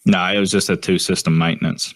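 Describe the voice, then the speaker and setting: A man's voice: low-pitched, level tone, fast, fairly bright tone. A man from Georgia with a Southern US accent, telling stories on a casual podcast. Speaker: podcast co-host, HVAC technician. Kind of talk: casual chat.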